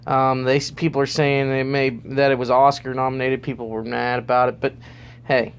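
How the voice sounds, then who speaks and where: A man's voice: medium pitch, level tone, moderate pace, smooth. A man hosting his own vlog, rambling loosely through a ranking with lots of fillers. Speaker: vlogger.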